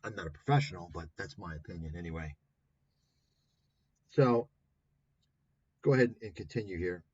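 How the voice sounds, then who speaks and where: Combative male livestream host, profane and scornful, husky tone, dull lo-fi audio. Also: deep voice, expressive, normal speed, a little mellow, no room sound. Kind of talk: ranting commentary on clips.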